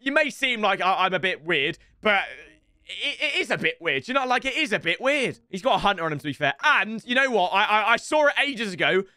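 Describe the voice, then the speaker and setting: A young man, chatting casually as he rates viewers' football game teams, swearing and breaking into loud yells. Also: sits high, very animated, a little fast, no echo, studio quality. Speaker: FIFA YouTuber rating viewer teams. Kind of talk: casual gaming commentary.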